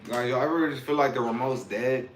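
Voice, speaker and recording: A man's voice: mid-range voice, fairly quick, noisy background. Profane rambling livestreamer man. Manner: profane, rambling, breaks into freestyle rapping. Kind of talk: casual livestream chat and freestyle rap. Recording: roomy sound with loud music.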